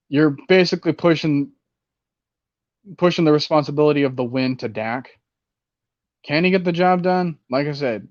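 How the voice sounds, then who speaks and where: A man hosting a casual fantasy football show, rambling and animated, with many fillers. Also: mid-range voice, no room sound, muffled recording. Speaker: fantasy football podcast host. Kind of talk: casual sports talk.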